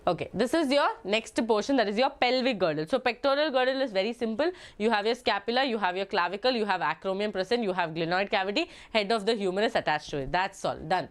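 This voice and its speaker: A young woman gives an online exam-prep biology lecture in Malayali-accented English, her mid-range voice lively in intonation. She talks fast with hardly any pauses, is chatty, repeats herself, and keeps checking in with "okay?" and "no?"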